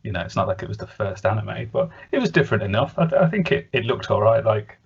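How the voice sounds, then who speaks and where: A low-voiced English man co-hosting a podcast, speaking haltingly and restarting his thoughts often. His voice is husky, and the recording sounds dull and lo-fi. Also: big pitch swings. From England. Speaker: podcast co-host. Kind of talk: casual chat.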